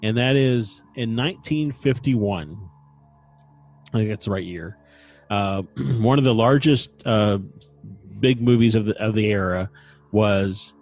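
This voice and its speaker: A man co-hosting a casual podcast chat, relaxed and digressive, often pausing with ums and clearing his throat. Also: fairly low pitch, faint music behind. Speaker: podcast co-host. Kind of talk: casual chat about paranormal lore.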